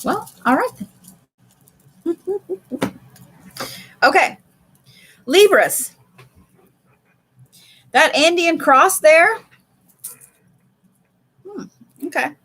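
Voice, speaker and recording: A woman's voice: very high voice, animated, very slow, pauses often, a bit bright. A woman giving a casual live card reading from home, chatty and swearing freely. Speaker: live tarot reader. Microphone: streaming setup.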